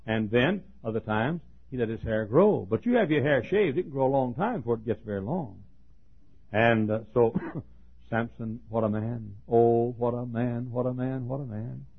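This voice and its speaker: A man's voice: medium pitch, animated, moderate pace, breathy edge. A man preaching a sermon in a folksy, joking storytelling manner, chuckling and coughing as he goes. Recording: tinny phone-like sermon tape.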